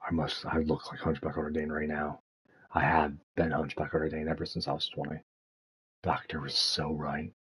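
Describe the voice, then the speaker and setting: A man rambling through casual commentary, profane and laughing often as he thinks out loud. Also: very deep voice, level tone, moderate pace, husky. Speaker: streamer.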